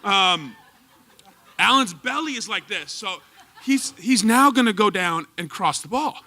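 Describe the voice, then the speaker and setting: On a performance hall stage, a former goalkeeper tells stories to a live audience at a tribute event. His voice is bright and high-pitched, his pace unhurried, and he's animated, laughing, and acting out quotes.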